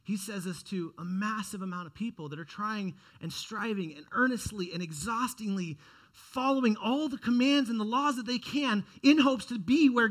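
A young adult man preaching a sermon in an earnest way, often restarting phrases and swinging from quiet to loud. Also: high voice. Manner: earnest, repeats words and restarts phrases, dynamic rises and drops in loudness. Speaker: pastor.

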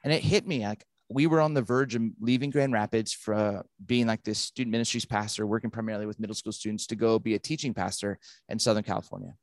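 A man in his thirties or forties, a pastor, tells a personal story in an interview. He acts out every quoted line with lively energy. The recording is close and dry. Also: fairly low pitch, fast, few pauses, no room sound. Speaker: pastor and author.

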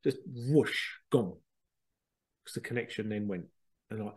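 A man, a spiritual medium, casually telling a rambling, excitable story, repeating himself and swearing now and then. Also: on the low side, a little slow, long pauses, breathy edge. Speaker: spiritual medium and podcast host.

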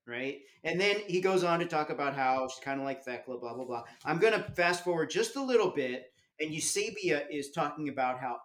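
A man co-hosting a book podcast, his voice sitting a little high. He argues his reading firmly and reads passages aloud. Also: expressive, fairly quick, hardly any pauses. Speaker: podcast co-host.

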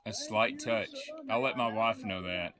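A man's voice: lowish voice, measured pace. A man heckling and joking while watching a fishing broadcast. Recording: with a loud crowd behind.

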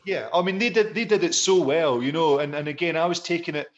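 A man's voice: on the high side, fast talker, highs cut off. A middle-aged man, a musician guest, telling rambling, self-deprecating anecdotes in a casual interview.

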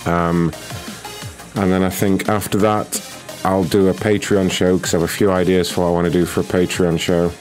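A man hosting a prank call livestream, mocking and insulting callers in a rude, deadpan way. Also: deep voice, moderate pace, soft background music. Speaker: prank call show host.

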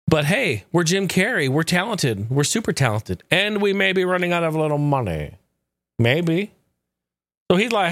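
Ranting man, sarcastic and profane, slightly high voice, dry close mic. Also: sing-song, brisk, a bit bright, dry recording. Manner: sarcastic, swears a lot, acts out quotes.

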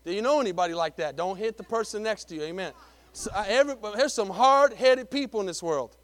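A man preaching a sermon, emphatic, repeating words and swinging between loud lines and hushed ones. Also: sits high, animated, quick pace. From Texas. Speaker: pastor.

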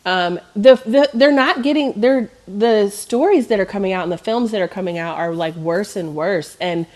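A woman's voice: mid-range voice, moderate pace, darkish tone. A woman co-hosting a casual podcast chat, hesitant and full of fillers. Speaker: podcast co-host.

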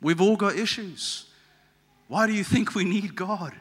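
A male pastor preaches in a bright, fairly high voice, talking conversationally and slipping in humor. He asks the congregation questions as he goes. The long reverb of a large church hall trails after each phrase. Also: measured pace, breathy edge. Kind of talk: sermon.

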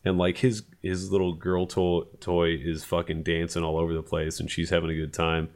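A man telling a funny story in casual chat, animated and profane, acting out what people said. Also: deep voice, moderate pace. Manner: animated, profane, acts out quotes.

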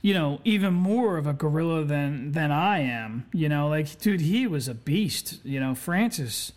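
A man's voice: fairly high pitch, expressive, a little slow. A man hosting a podcast, telling a story in a laid-back, chatty way, swearing constantly and saying "you know" a lot. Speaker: podcast host. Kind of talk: casual storytelling.

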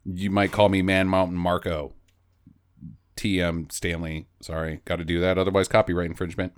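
A man's voice: sits low, level tone, normal speed, clean tone. A man co-hosting a podcast, recapping a movie in casual chat, laughing often and acting out characters' lines. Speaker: podcast co-host.

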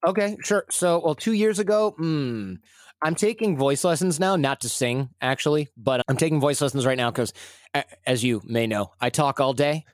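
A man's voice: a little high, moderate pace, no room sound, clean studio sound. A man from Michigan in his forties, talking as a guest in a casual, rambling and self-deprecating way. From Michigan, USA. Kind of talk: casual conversational storytelling.

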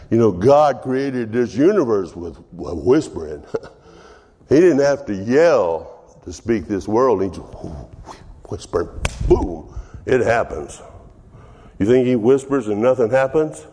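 Slow, dark-voiced older pastor preaching. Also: male voice, mid-range voice, husky, big-room sound. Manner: animated, laughing, drops to whispers in prayer. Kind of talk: sermon.

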